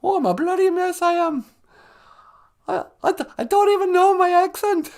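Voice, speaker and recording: A man's voice: very high-pitched, moderate pace, vocal fry, a little mellow, pitched above the performer's own voice. A man voicing a brash woman caller who poses as the Queen, with a put-on British accent that slides into Irish. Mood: brash, flustered. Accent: put-on British sliding into Irish.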